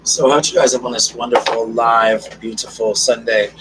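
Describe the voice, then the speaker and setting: A man hosting a casual live stream, chatting warmly with viewers and calling them girl, darling and honey. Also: mid-range voice, steady tone, moderate pace. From South Carolina. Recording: distant mic with noticeable background noise.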